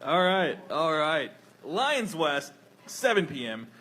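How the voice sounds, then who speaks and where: A man's voice: a little high, very animated, slow, sharp tone. A man bantering and joking in a casual podcast chat. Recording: crowd noise behind.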